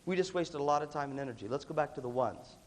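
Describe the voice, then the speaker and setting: A middle-aged man leading a workshop for students, energetic and playful, often acting out other people's voices. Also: a little high, quick pace. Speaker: music clinician. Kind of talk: animated workshop talk to students. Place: large hall with a live audience. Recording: hall reverb from a big room.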